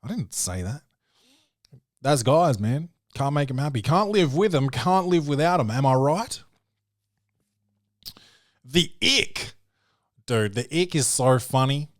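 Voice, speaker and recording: A man's voice: fairly high pitch, expressive, a little slow, pauses often, dry recording, clean studio sound. A man hosting a podcast, riffing in a loose, profane, comedic way and calling the listener dude and man. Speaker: podcast host. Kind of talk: casual comedic review chat.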